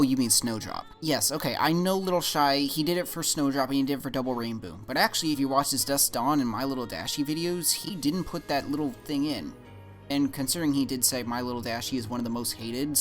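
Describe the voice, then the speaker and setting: Exasperated vlogger answering critics. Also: mid-range voice. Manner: defensive, exasperated, rambling with restarts. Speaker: YouTube commentator. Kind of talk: vlog reply to comments.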